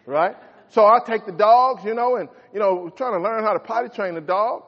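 A middle-aged man preaching a folksy sermon as a pastor, swinging between shouts and quiet asides. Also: sits high, moderate pace. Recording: echoey hall, dull lo-fi sound.

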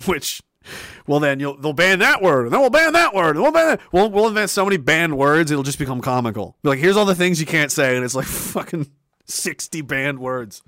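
A man's voice: fairly high pitch, very animated, a little fast, sharp tone, dry recording, studio quality. A young man ranting sarcastically and profanely, reading out chat messages as a streamer, often laughing. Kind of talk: ranting commentary.

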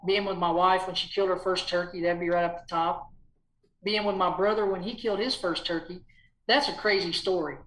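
A man telling stories as a podcast guest in a lively, chatty way, acting out quotes with a raised voice. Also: high-pitched, echoey room, poor audio. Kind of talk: casual storytelling.

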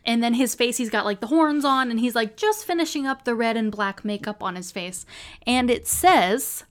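Young woman cohost, chatty and teasing, a bit high voiced. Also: expressive, normal speed. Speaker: podcast co-host. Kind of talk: casual podcast chat.

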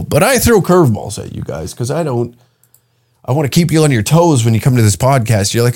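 A man's voice: medium pitch, expressive, fast talker, darkish tone. A man from Canada hosting a podcast, riffing in a crude, rambling comedic monologue and putting on voices for the people he quotes. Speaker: podcast host.

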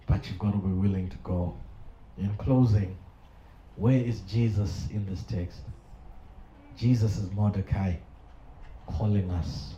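Deep and dark in tone, with a little hiss or hum, a middle-aged pastor delivers a passionate sermon spiced with humorous asides. The church hall recording echoes and sounds dull, with the congregation audible.

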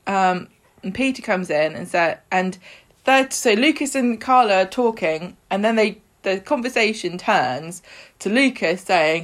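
A woman's voice: medium pitch, animated, measured pace. A woman, co-hosting a podcast and chattily retelling soap scenes with quoted lines. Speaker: podcast co-host. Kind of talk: casual chat, recapping a soap.

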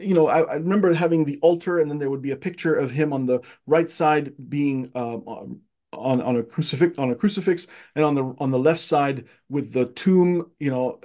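A middle-aged man of Armenian family raised in Egypt, a guest casually telling childhood stories, restarting phrases and getting animated when he quotes himself. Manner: animated, repeats words as he restarts, rising pitch when quoting himself. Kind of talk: casual conversational storytelling.

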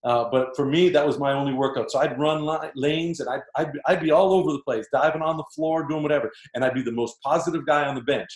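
A man's voice: a little high, fast talker, few pauses. Man telling stories in a roomy space. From Canada. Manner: animated, acts out coaches' lines while telling stories. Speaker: guest, former basketball player. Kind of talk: casual storytelling. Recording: roomy echo.

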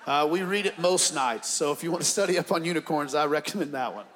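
A man's voice: a little high, animated, fast. Earnest dad on a church panel, a man. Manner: earnest, warm-hearted. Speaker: panel guest.

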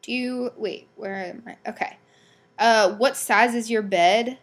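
A woman's voice: a little high, a little slow. Blunt, sweary young woman rambling. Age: young adult. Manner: filler-heavy, many ums and likes. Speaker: podcast host. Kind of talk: casual solo podcast chat.

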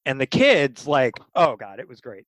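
An animated, excited storyteller recounting their tabletop sessions in a mid-pitched voice. The sound is dry and close, with no room around it, and the talk is loose and full of fillers. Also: normal speed, no echo, rough recording. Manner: animated, enthusiastic, many fillers. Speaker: game master for kids' games. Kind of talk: casual interview storytelling.

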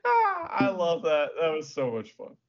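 Animated laughing man, lo-fi sound. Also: a little high, unhurried. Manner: animated, laughs often, swears, mimics shouts. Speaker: podcast co-host. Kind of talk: casual wrestling recap chat. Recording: dull lo-fi audio.

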